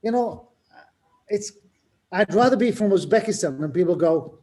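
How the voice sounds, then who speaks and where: Older guy, mellow voice, joking around while telling teaching stories. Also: sits high, expressive, moderate pace. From England. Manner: storytelling, self-mocking humor. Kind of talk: casual panel talk.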